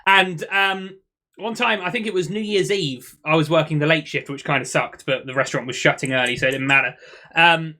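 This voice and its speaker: A man's voice: on the high side, a little fast, bright, forceful tone. A man, co-hosting a podcast in casual banter, telling boastful, joking stories. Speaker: podcast co-host.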